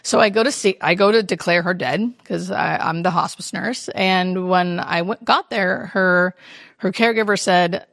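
In a dry, studio-quality recording, a woman with a fairly low, creaky voice speaks at normal speed. She's a hospice nurse sharing stories in an interview, lively and performing each character's quoted speech.

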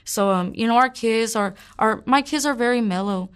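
A woman's voice: a little high, moderate pace, clean tone. A woman in her twenties frankly telling her life story in an interview, rambling with many fillers and curse words. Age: 20s. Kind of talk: candid personal storytelling.

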